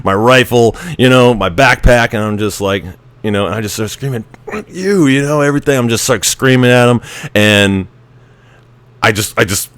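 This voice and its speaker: Guy rambling thru a story, military slang, deep-ish voice, dry close sound. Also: moderate pace, a bit bright, clear, resonant tone, no echo. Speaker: vlogger telling a training story. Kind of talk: casual storytelling.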